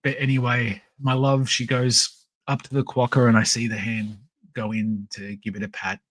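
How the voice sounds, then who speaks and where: An Australian man hosting a podcast, chatting casually on a live stream and telling stories in a rambling, animated way full of fillers. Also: mid-range voice, normal speed, dry recording. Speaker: podcast host.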